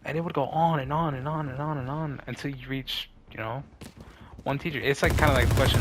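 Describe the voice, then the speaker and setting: A man's voice: mid-range voice, fairly even intonation, fairly quick, background noise. A young man rambling casually with slang and lots of fillers while he plays a game. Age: young adult. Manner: laid-back slangy rambling with many fillers. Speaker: streamer.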